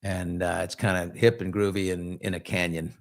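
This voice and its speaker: A man's voice: low-pitched, level tone, normal speed. A middle-aged man hosting a casual live chat show, joking and telling loose, rambling anecdotes full of asides. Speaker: host.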